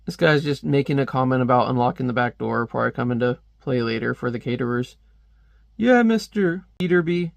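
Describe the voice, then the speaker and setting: A man's voice: medium pitch, level tone, fast talker, creaky, few pauses, dry recording. A man chatting casually as a comic reviewer, rambling with lots of fillers and frequent laughs. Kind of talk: casual commentary.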